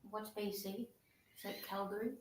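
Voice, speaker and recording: A woman's voice: medium pitch, flat delivery, moderate pace. A woman chiming in with short questions during a casual livestream chat. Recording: echoey room off-mic.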